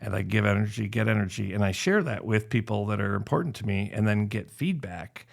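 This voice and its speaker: A man's voice: fairly low pitch, a little fast, creaky. A middle-aged man talking as a podcast guest in casual conversation, telling stories animatedly and acting out what people said. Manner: animated storytelling, acts out quoted voices.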